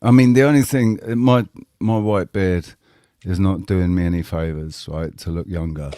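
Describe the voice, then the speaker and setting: A man hosting a casual online panel chat, relaxed and joking while steering the talk. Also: deep voice, moderate pace, smooth, no echo, clean studio sound. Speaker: host.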